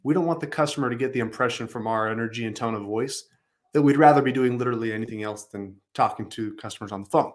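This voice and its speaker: A man's voice: mid-range voice, quick pace. A man coaching customer service staff, upbeat, acting out sample phone phrases as he comments on recorded calls.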